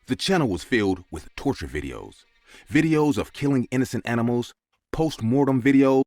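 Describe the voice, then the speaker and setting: A man's voice: expressive, normal speed, a little mellow, dry recording, studio quality. A man narrating a scary story in a dramatic scripted style. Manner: dramatic, with big swings of pitch.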